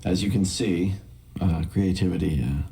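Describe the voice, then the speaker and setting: A man's voice: low voice, normal speed, creaky, dark tone, husky, soft background music. A man with a British accent chatting in an interview, jokey and self-mocking with laughs between phrases. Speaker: voice actor in an interview. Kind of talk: casual interview chat.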